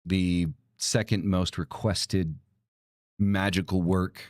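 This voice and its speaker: Profane, ranting low-voiced man. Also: little pitch movement, slow, darkish tone, dry recording, studio quality. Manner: many fillers like "right?". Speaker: podcast host. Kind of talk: casual monologue.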